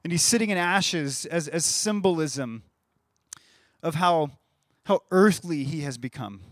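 A man's voice: a little high, a little slow, dry recording, clean studio sound. A man in his thirties giving a sermon in a conversational way, often repeating words as he starts a phrase. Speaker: pastor.

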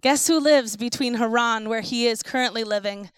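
A woman with a high voice preaches by retelling a scripture story. She talks in a conversational way and slows right down on the key words. The sound is dry and close. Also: smooth, dry recording. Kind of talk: sermon storytelling.

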